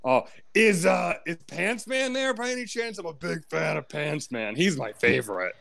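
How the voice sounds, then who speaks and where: A nervous, starstruck fan caller who stumbles over every word, played by a man in a comedy bit. His voice bounces around a lot, with a gravelly edge, and sounds dry and close. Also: on the high side, expressive, a bit bright, no room sound. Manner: halting, full of fillers. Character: hesitant, starstruck male fan calling in. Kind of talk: improvised comedy role-play.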